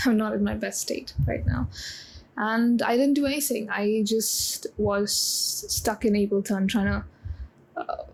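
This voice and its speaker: A woman in her twenties talking in a confessional vlog, halting with many pauses and close to tears. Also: mid-range voice, low-quality recording. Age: 20s. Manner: halting, full of pauses and restarts. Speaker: vlogger.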